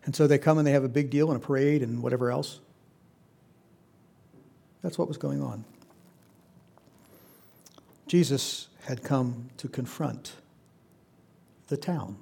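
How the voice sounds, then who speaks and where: A man's voice: mid-range voice, unhurried, creaky, long pauses, warm tone, husky. A man preaching a conversational Bible-teaching sermon, putting questions to his listeners. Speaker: pastor.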